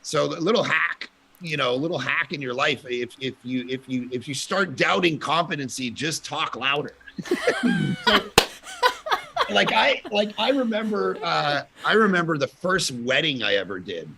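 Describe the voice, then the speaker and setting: A man, a pastor, telling lively stories in a casual conference talk, with loud bursts of emphasis and frequent laughter. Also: on the high side, moderate pace, vocal fry, slight background noise. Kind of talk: casual storytelling at a conference panel.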